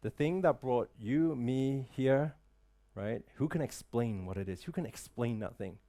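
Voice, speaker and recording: A mellow, medium-pitched motivational speaker keeps a measured pace while addressing a live audience in an event room. His talk is full of rhetorical questions and repeated "right?"s.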